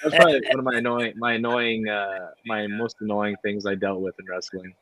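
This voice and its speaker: A man, a guest wrestler, telling stories in a relaxed way, with lots of fillers and laughter. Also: fairly low pitch, a little fast, dry recording. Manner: laid-back, many fillers, laughs while telling stories. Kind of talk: casual storytelling. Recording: dry, dull lo-fi audio.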